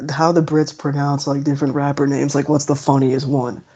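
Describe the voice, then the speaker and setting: A man's voice: on the high side, little pitch movement, a little fast, mellow. A man cohosting a podcast in casual chat, blunt and exasperated. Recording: dull lo-fi mic.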